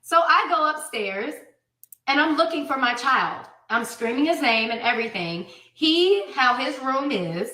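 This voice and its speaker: Woman, high bright voice, slow animated storytelling, echoey room. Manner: animated, repeats herself, quotes others. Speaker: guest telling her story. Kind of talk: emotional storytelling clip.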